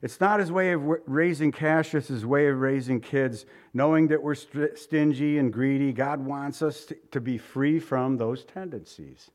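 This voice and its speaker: A man's voice: mid-range voice, normal speed, few pauses, a little mellow. A man preaching a sermon in a conversational way, asking the congregation rhetorical questions and stumbling over his words now and then. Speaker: pastor.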